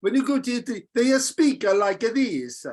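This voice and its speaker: Teacher, male, patient and playful, leads a relaxed group class. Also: very high-pitched. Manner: patient, jokey, repeats verses slowly. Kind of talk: casual group lesson.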